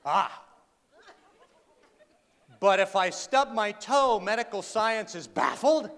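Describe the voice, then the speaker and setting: A man's voice: sits high, animated, takes it slowly, a bit bright. A man giving a humorous talk to a live audience, telling a story with dry, sarcastic asides and questions to the crowd. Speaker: humorous speaker. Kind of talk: comic keynote storytelling. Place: large hall with an audience. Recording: reverberant hall, faint noise.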